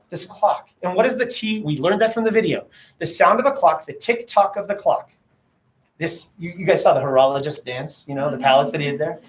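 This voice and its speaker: A man teaching an English class, sounding out letters aloud and quizzing his students as he goes. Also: sits high. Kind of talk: classroom lecture. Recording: roomy classroom echo.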